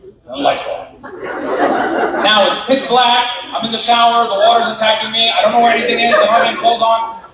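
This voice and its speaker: A man doing stand-up comedy in a large banquet hall, telling stories in an animated, punchy way with repeated asides. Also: very high voice, a little fast, over a noisy crowd. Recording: echoey banquet hall, distant mic.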